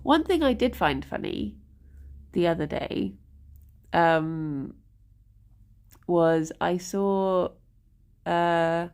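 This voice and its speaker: A woman's voice: lowish voice, expressive, drawn-out words, vocal fry, long pauses, clear, resonant tone. A woman streaming live, chatting in a rambling way, greeting viewers and laughing often. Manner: talks softly to her rabbits, sometimes whispering. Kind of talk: casual live-stream chat.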